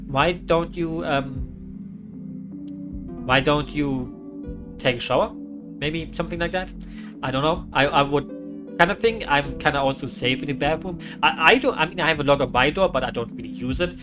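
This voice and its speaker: A man's voice: fairly high pitch, normal speed, pauses often. A man from Europe reading a horror story aloud, often stopping for amused, rambling asides. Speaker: creepypasta reader. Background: guitar music.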